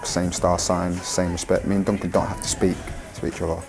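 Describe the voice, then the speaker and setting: A man's voice: sits low, completely flat delivery, fairly quick. A young man from a pop band, telling stories animatedly and laughing in an interview. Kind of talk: interview talk. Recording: music clearly playing behind. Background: clear music.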